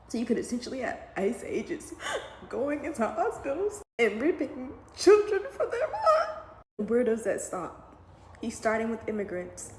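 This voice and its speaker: A woman talks directly to her viewers, emotional and close to tears as she reacts. Her voice sits in an echoey room with a faint noise underneath. She speaks at a middle pitch. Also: darkish tone. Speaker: mom and online commentator. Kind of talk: casual reaction commentary.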